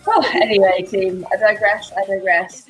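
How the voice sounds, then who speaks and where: A woman's voice: medium pitch, fairly even intonation, normal speed, soft background music, rough recording. A woman with an English accent, leading a live workout class in a bubbly, rambling way and laughing often. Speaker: fitness instructor.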